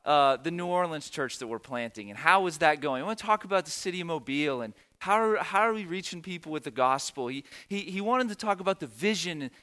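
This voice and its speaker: A man's voice: sits high, pushed and bright. A middle-aged man, a pastor telling a story in a sermon in an earnest, emotional way, repeating phrases for emphasis.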